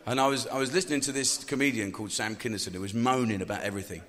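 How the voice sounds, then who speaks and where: An older English man, a comedian, telling profane stories in a cynical, animated way. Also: medium pitch, racing. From England. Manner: swears constantly, animated and cynical. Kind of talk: profane anecdotal storytelling.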